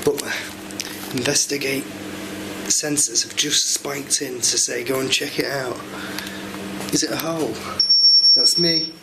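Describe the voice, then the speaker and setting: A man investigating alone in a pub cellar, calling out to spirits in a coaxing, hushed way while filming himself. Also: mid-range voice, steady tone, measured pace, gravelly, pauses often, noisy background. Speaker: paranormal investigator. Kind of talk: solo ghost-hunt narration. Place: pub cellar with beer kegs. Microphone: self-filmed camera mic.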